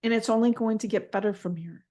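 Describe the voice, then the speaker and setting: A woman giving a live channeled spiritual reading, gentle and affirming, often repeating phrases as she passes messages on. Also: on the high side, fast talker.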